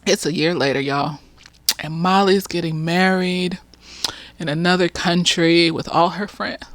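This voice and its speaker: A woman's voice: medium pitch, big pitch swings, moderate pace, fairly bright tone. A woman with a middle-range voice talks through a TV episode the way a friend would, loose, slangy and unafraid to swear. She is a therapist who is slightly tipsy. The sound is dry, with no room echo around her voice. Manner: chatty, frank and profane, with slangy asides. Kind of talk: casual TV recap vlog.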